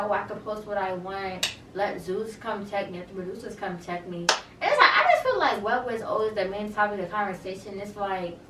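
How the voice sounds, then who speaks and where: A woman's voice: mid-range voice, a bit bright, echoey room, recorded from a distance, a little hiss or hum. A woman giving a casual, gossipy recap of a reality show, full of slang and blunt asides.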